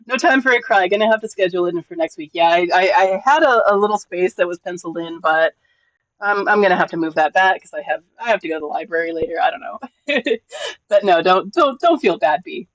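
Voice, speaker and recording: A live streamer in casual chat with viewers, gentle and encouraging, often repeating words at the start of sentences. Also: mid-range voice, animated, a little fast, no echo, rough recording. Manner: emotional, gentle.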